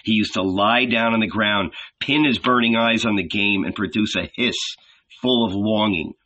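A man reading a novel aloud as narrator, in a measured, dramatic storytelling manner. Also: lowish voice, pushed and bright, dull audio. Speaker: audiobook narrator. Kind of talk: scripted narration.

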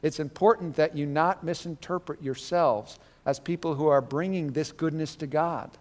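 A man's voice: on the high side, normal speed, big-room sound. A man teaching a Bible class in a conversational, digressive sermon style with joking asides.

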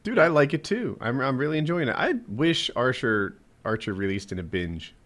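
A man's voice: medium pitch, very animated, normal speed, fairly bright tone. A man in casual chat, enthusiastic, stammering over his words and swearing casually.

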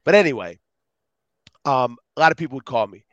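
A middle-aged man, a guest on an interview show, telling stories in an animated, rambling way. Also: medium pitch, fairly quick, no room sound, dull audio. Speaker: guest speaker. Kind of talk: casual interview storytelling.

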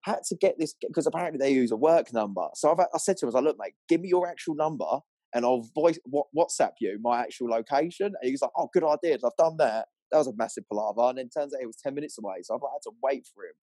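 A young man, an angler, telling a story in an animated, rambling way full of fillers, on a clip-on mic. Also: medium pitch, racing, hardly any pauses, no echo. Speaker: angler guest. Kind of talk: excited storytelling.

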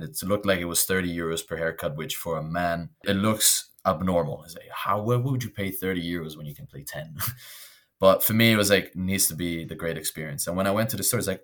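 Deep-voiced Italian-born man telling stories. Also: a little fast. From northern Italy. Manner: storytelling, animated when quoting others. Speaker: guest. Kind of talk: casual interview conversation.

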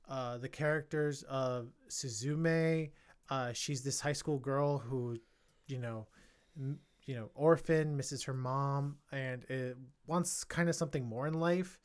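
A man hosting a film podcast, talking with open enthusiasm and breaking into loud excited outbursts. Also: mid-range voice, smooth. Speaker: podcast host. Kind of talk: casual film review chat.

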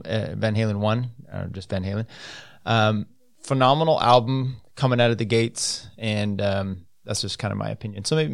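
A man's voice: mid-range voice, vocal fry, no echo, studio quality. Rambling casual male podcast host. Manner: loose and rambling, many fillers, offhand asides. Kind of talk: casual solo podcast, reading and commenting on news.

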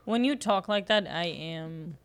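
A woman co-host in casual chat, reacting with quick jokes and laughter. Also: lowish voice, clear, resonant tone. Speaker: podcast co-host.

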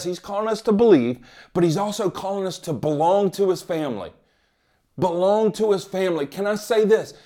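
A male pastor delivering a sermon to his church, his voice sitting a touch higher than most men's. He preaches with conviction, firing rhetorical questions at the listeners and dropping suddenly from loud declarations to quiet, intimate asides. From United States. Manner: impassioned preaching with rhetorical questions and swings between loud and hushed. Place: church gathering.

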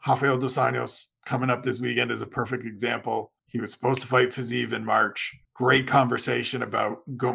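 A man's voice: mid-range voice, gravelly, pushed and bright, slightly rough. A man from Canada, a guest writer on a podcast, explaining things at length in casual chat and giving advice.

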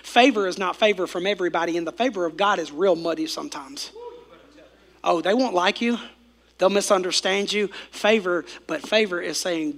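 Hoarse, animated preacher man. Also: high-pitched, normal speed. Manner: animated preaching, swings from loud to hushed. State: voice worn from preaching. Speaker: pastor. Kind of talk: sermon.

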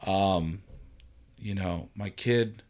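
A man hosting a casual talk, telling a story in an animated way, acting out the quotes and swearing freely. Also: low-pitched, very slow. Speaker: podcast host. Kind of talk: casual conversation.

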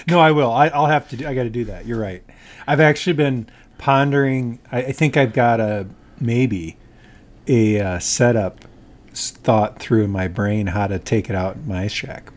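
A man's voice: mid-range voice, normal speed. A man co-hosting a podcast in casual chat, laughing often and restarting his sentences. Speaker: podcast co-host.

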